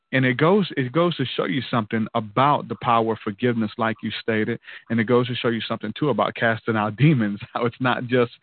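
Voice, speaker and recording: A man's voice: mid-range voice, no room sound. A man casually telling a personal testimony in an earnest, loose way, peppered with "man" and "dude". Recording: tinny phone-like line, dry.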